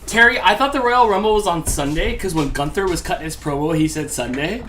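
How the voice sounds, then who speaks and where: A man's voice: a little high, a little fast, fairly bright tone, faint music behind. A man co-hosting a baking livestream, rambling and joking in loose banter full of fillers. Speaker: co-host of a baking show.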